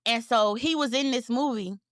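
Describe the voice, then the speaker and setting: A woman co-hosting a podcast, telling a story in casual chat, animated and laughing as she acts out what people said. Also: on the high side, normal speed, no echo, studio quality. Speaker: podcast co-host.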